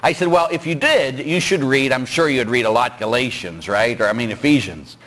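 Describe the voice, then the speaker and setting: A man, a Catholic priest, preaching a sermon in a chatty, teasing way, telling stories and breaking into shouts. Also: medium pitch, fairly quick. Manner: animated storytelling, jumps into shouting; teasing, chatty, asks "huh?".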